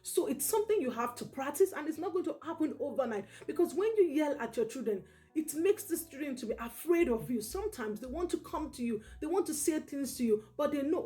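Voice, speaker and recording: A woman's voice: high voice, lively intonation, brisk, warm tone. Earnest woman giving parenting advice, saying "okay?" often. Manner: earnest, repetitive, peppers talk with "okay?". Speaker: parenting educator. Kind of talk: direct-to-camera parenting advice.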